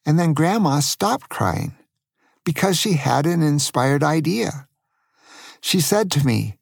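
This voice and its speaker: Slow, gravelly grandfather storyteller. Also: on the high side, expressive, dry recording, clean studio sound. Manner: slow, asks the young listener questions. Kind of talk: bedtime-style story narration for children.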